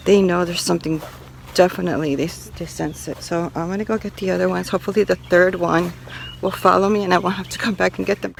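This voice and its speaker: A woman's voice: on the low side, steady tone, quick pace, gravelly, a little hiss or hum, poor audio. A woman talking casually to her viewers while walking around her rural property outdoors, filming herself. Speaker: homestead vlogger. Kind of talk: casual vlog to camera.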